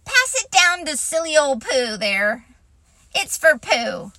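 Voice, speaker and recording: A woman voicing an excited, cheerful young boy. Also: sits high, takes it slowly, no room sound, pitched above the performer's own voice, exaggerated voice. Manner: excited and bright.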